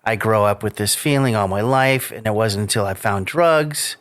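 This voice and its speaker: A man hosting a recovery podcast, chatting casually, joking around and halting with fillers. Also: lowish voice, fairly bright tone, no room sound, clean studio sound. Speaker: podcast host. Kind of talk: casual interview chat.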